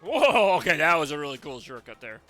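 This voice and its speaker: Bright, lively streamer man rambling. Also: fairly high pitch, brisk, soft background music. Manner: rambling, laughs often, chats with viewers. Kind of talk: casual game commentary.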